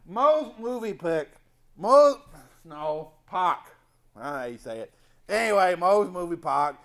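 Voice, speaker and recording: A man's voice: on the high side, very animated, a little slow, a bit bright, exaggerated voice. A man playing a clueless, sleazy movie-review show host who rambles and keeps losing his train of thought in a comedy sketch. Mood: rambling.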